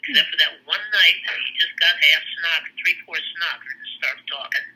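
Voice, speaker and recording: An older man with a somewhat high, very bright and forceful voice recounts family war stories in casual conversation. He rambles and halts, restarting his sentences often. His language is blunt and salted with profanity. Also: moderate pace, low-quality recording.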